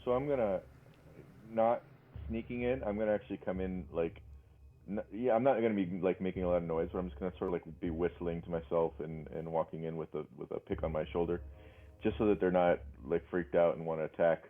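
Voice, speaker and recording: A man's voice: sits low, fairly even intonation, a little fast. A man playing a tabletop game, hesitantly talking through what his character does. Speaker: player. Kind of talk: casual play at a tabletop game. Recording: tinny voice-chat line.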